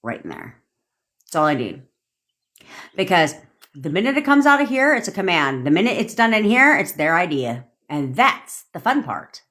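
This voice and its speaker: A young woman with a low, deep-set voice rants to her livestream viewers, talking bluntly and swearing freely. She laughs often between points and speaks into her phone. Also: a bit bright. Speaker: manifestation coach. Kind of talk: livestream rant.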